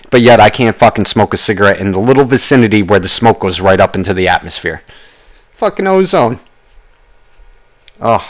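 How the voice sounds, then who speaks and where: Brief: young male ranter, low-pitched voice, swears constantly, rambling and animated. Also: normal speed. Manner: profane, rambling, animated storytelling. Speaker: podcast host. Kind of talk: casual ranting monologue.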